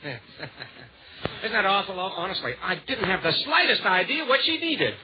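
A man joking in 1940s radio comedy banter, playful and mock-innocent with deadpan punchlines, on a dull, lo-fi old radio recording. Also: high-pitched, moderate pace, a little hiss or hum. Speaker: comedian guest.

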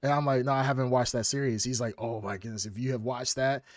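A man co-hosting a podcast, telling stories in casual chat, animated, laughing and swearing freely. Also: mid-range voice, fast talker, no room sound, clean studio sound. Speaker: podcast co-host.

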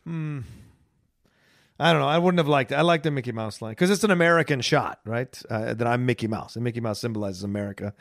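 A man's voice: mid-range voice, quick pace, dry recording, clean studio sound. A man co-hosting a casual film discussion, offering his opinions in a musing way. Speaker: podcast co-host.

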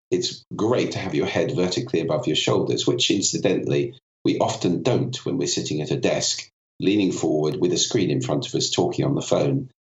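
A voice and communication expert with a cold speaks as a podcast guest, explaining things articulately in an interview and demonstrating vocal effects along the way. His voice is low-pitched, and the audio sounds dull, with an echoey room.

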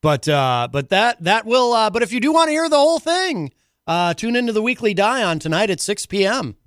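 New radio host guy, lots of uhs, smooth voice, dry studio mic. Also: high-pitched, big pitch swings, fairly bright tone, no room sound. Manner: halting, many fillers. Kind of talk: casual radio chat. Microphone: studio microphone.

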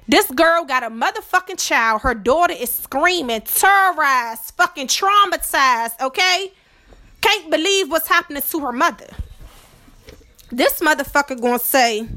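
A woman's voice: high-pitched, bright, forceful tone. A woman podcast host in a heated, profane monologue, tagging her points with "okay?". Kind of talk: ranting monologue to camera.

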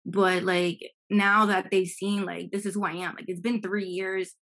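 A woman speaks in a mid-pitched voice with a gravelly, creaky edge. She is a guest in a casual podcast chat and talks in a relaxed way, hedging with many fillers. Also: normal speed.

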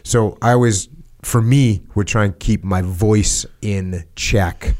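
A man from the United States, a podcast host, talking in a relaxed conversation and telling stories in a steady, reflective way. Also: fairly low pitch, takes it slowly. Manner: reflective, retells radio calls in a calm level voice. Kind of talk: casual conversation.

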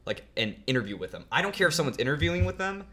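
A man's voice: a little high, big pitch swings, very fast, a bit bright. A teenage boy, a guest on a podcast, telling a story in a rambling, casual way. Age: teens. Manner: rambling, many fillers.

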